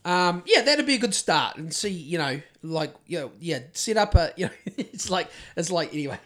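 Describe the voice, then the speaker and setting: Rambling, crude New Zealand podcast host. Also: male voice, sits high, expressive, moderate pace, a bit bright. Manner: rambling, crude and sardonic, trailing off and restarting. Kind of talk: casual podcast chat.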